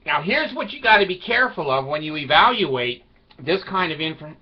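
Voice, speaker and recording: A man's voice: a little high, expressive, brisk. A man talking to camera in a loose, rambling monologue, wry and irreverent in tone. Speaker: video blogger. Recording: slightly dull lo-fi recording.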